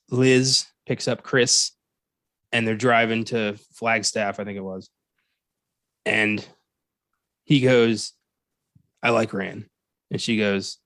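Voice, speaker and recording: A man tearing into a bad movie on a podcast, sarcastic and quick to laugh. His voice sits in a dry, close sound with no room around it. He swears freely and mocks the dialogue he quotes. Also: medium pitch, a bit bright, dry recording. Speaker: podcast co-host. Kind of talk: casual movie review chat.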